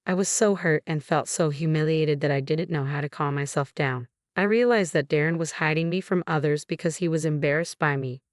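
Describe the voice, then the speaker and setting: A woman narrating a first-person story in an even, measured reading voice. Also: low-pitched, dry recording, studio quality.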